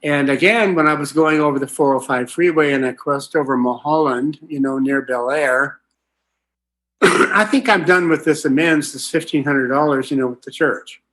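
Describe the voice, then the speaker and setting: A man's voice: on the high side, normal speed, fairly bright tone. Older man telling a rambling recovery story. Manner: folksy, rambling storyteller with many fillers. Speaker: recovery meeting speaker. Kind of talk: personal recovery talk.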